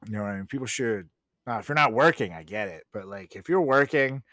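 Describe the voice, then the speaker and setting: A man's voice: fairly low pitch, expressive, fast talker, sharp tone, dry recording, studio quality. A man co-hosting a podcast, chatting casually, rambling, laughing often and swearing freely. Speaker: podcast co-host. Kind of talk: casual chat.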